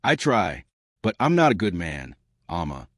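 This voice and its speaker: A man voicing an adult male crime boss who speaks quietly and steadily, with restraint. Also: deep voice, wildly swooping pitch, measured pace, dry recording, clean studio sound, full character voice. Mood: solemn.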